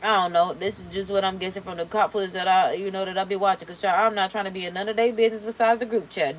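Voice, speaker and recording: A young adult woman hosting a reaction video, chatting casually in a sassy, animated way while doing her makeup. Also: medium pitch, very fast, hardly any pauses, slight background noise, rough recording. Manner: sassy, animated, slangy and expressive.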